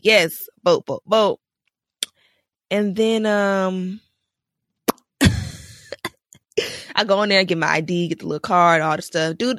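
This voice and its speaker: A woman co-hosting a podcast, telling stories in an animated way, laughing often and acting out quotes. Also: medium pitch, vocal fry, dry recording, clean studio sound. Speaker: podcast co-host. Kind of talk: casual podcast chat.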